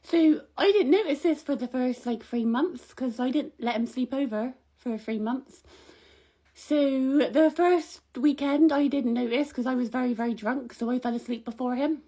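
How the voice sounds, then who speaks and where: Young woman, high voice, gossipy comic rant to camera, indignant and rambling. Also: moderate pace, dark tone. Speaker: comic vlogger.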